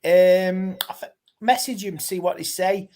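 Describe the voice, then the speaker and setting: A woman's voice: on the low side, steady tone, unhurried, dark tone. A woman on a football chat panel, chatty and loose, trailing off and leaning on "like" as a filler.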